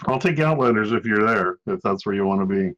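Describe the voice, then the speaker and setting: Game master, man, fairly low voice, dry jokes, muffled lo-fi sound. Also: lively intonation, a little fast, fairly bright tone. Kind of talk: narrating a tabletop game. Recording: dull lo-fi sound.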